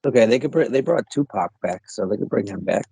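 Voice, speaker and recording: A man's voice: lowish voice, animated, quick pace, gravelly, mellow, husky, dry recording. Blunt man in dry podcast chat. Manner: blunt, dismissive, mock-stern. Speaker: podcast co-host. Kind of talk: casual chat.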